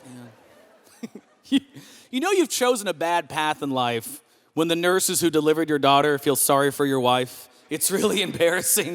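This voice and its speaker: Stand-up comic, man, thirties, high and very lively voice, big reverberant room. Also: normal speed. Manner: animated storyteller, jumps into high voices for characters. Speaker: stand-up comedian. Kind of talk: stand-up comedy set. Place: comedy club stage with live audience. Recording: long reverb of a hall.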